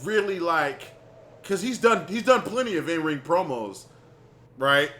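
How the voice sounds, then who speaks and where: A man with a bright, fairly high voice co-hosts a casual wrestling review podcast. His pitch moves a lot as he talks, and he laughs often between his points. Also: expressive, measured pace. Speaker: podcast co-host.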